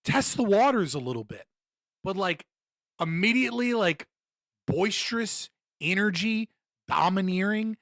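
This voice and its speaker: A man's voice: sits high, a little slow, dry recording, studio quality. Profane ranting young man streamer. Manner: blunt, profane, mocking, animated rants. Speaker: streamer reacting to a video. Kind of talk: casual live-stream commentary.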